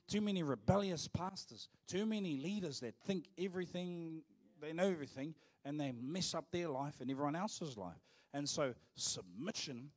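A man from New preaches a live sermon in church. His voice sits a little higher than most men's. He leans hard on the key words, then eases into playful asides aimed at the congregation. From New Zealand. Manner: emphatic preaching, turns to joking asides with the congregation. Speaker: pastor.

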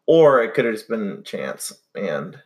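A young man co-hosts a relaxed podcast, talking in a casual, meandering way. His voice sits a little low, and he keeps circling back with fillers and restarts. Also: measured pace. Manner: rambling, many fillers and restarts. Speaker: podcast co-host. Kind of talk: casual chat.

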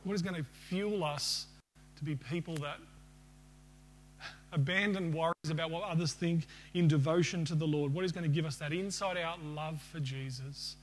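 A man with a fairly high-pitched voice preaches to his congregation. He asks them questions and ends by leading a prayer. A faint hum sits under the recording. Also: steady tone, moderate pace. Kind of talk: sermon.

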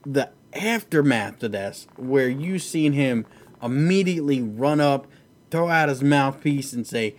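A man's voice: mid-range voice, lively intonation, unhurried. A man hosting a casual, profane chat about fights, rambling and laughing easily. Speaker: podcast host.

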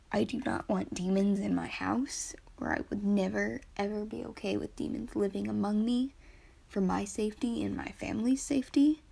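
A woman's voice: mid-range voice, gravelly, dark tone. A young woman hosting her first podcast, sounding a bit nervous and earnest. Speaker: podcast host. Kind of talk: casual solo podcast intro.

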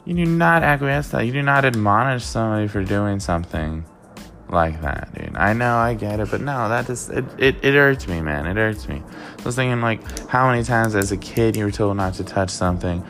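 Casting note: man, low and gravelly, rambling profane storyteller vlog read, faint music behind. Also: animated, fairly quick, fairly bright tone. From Worcester, Massachusetts. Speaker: vlogger. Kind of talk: casual storytelling.

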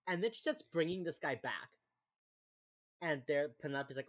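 A woman's voice: low voice, moderate pace, long pauses. A woman co-hosting a casual podcast, recapping a TV episode and acting out characters' lines. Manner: animated, acts out quotes. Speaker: podcast co-host.

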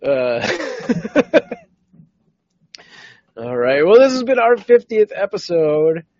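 A man's voice: high voice, very animated, takes it slowly, a little mellow, dry recording. Easygoing male podcast host, dry lo-fi sound. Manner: easygoing, steers the talk back on track. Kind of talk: casual chat.

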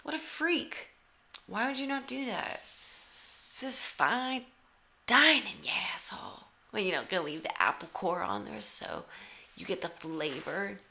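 Gravelly, sarcastic woman commentator. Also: medium pitch, big pitch swings, moderate pace, bright, forceful tone. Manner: sarcastic, teasing asides. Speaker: comedic commentator. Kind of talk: mock play-by-play over a cooking show.

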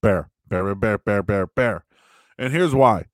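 A man's voice: lowish voice, measured pace, dry recording. A man hosting a live stream, answering chat questions in a casual, rambling and joking way with frequent restarts. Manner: animated, joking, restarts a lot.

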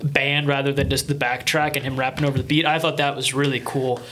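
A man's voice: mid-range voice, little pitch movement, quick pace, fairly bright tone, a little hiss or hum. A young man co-hosting a podcast, chatting enthusiastically and rambling with restarts. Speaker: podcast co-host. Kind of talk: casual chat.

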